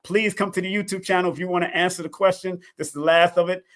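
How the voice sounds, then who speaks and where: A man's voice: high-pitched, fast. A man hosting a live call-in stream, talking casually and repeating himself with lots of energy. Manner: repetitive, animated, talks to chat and callers.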